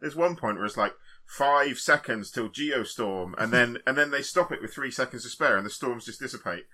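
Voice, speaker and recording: A man's voice: medium pitch, moderate pace, bright, forceful tone. A man in a casual film review chat, wry and dismissive. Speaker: podcast co-host.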